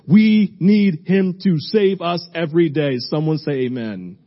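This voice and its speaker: A man's voice: a little high, measured pace, muffled recording. A man preaching a sermon as pastor, emphatic and repetitive, driving his points home with repeated phrases.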